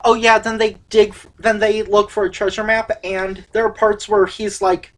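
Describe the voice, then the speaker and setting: A woman's voice: mid-range voice, flat delivery, normal speed. A woman co-hosting a casual movie review chat, rambling with many fillers. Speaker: co-host of a movie review show.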